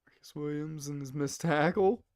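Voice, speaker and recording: Young guy streaming, chatty and rambly, kinda high, smooth clean voice, dry mic. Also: moderate pace, a little mellow, no room sound. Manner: rambling, chatty, talks to chat. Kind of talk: casual gameplay chat.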